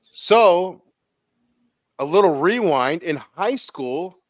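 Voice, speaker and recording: A man's voice: high-pitched, expressive, very slow, dry recording. A man in his thirties with a Southern Californian accent telling a story as a podcast host, casual and profane, acting out the people he quotes.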